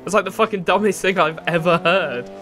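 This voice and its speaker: A man's voice: high voice, fairly quick, a bit bright. Chatty English man over race car noise. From England. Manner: rambling, chatty, swears and laughs, answers chat. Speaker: gaming streamer. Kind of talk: casual chat while playing a racing game. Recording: racing game engine noise behind.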